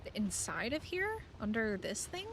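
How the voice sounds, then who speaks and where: A woman's voice: a little high, very animated, normal speed, a little hiss or hum. A woman streaming a survival game, giving casual commentary and playfully chatting to creatures and viewers.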